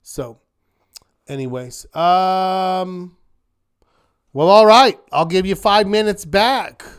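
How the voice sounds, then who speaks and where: A man runs a weekly market wrap as a live online trading class, upbeat and encouraging, rattling off rhetorical questions like a checklist and tossing quick asides to students. His voice is a little high, smooth and crisp. He speaks at an unhurried pace.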